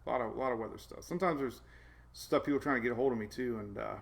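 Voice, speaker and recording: A man's voice: medium pitch, racing, creaky. A man hosting a casual weather live stream from home, rambling as he reads out viewer names and talks to his puppies. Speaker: weather show host.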